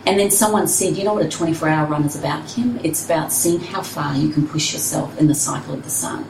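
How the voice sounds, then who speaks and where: A woman's voice: low voice, fast, gravelly, reverberant, recorded from a distance, noisy background. A woman, a personal trainer and runner, telling her story candidly and expressively in an interview.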